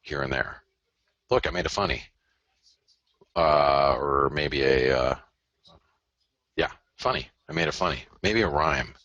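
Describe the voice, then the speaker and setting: A man's voice: extremely low pitch, unhurried, long pauses, a bit bright, no room sound, dull audio. A man hosting a live currency-market analysis broadcast, rambling, self-interrupting and joking as he goes through his charts. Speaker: host and currency trader.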